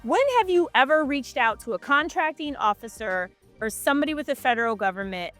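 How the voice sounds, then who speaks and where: A woman coaching on government contracting, talking straight to her viewers in a lively, direct way. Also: high voice, a little fast, soft background music. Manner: animated, direct, talks straight to the audience. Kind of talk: casual advice talk to camera. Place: Miami Beach.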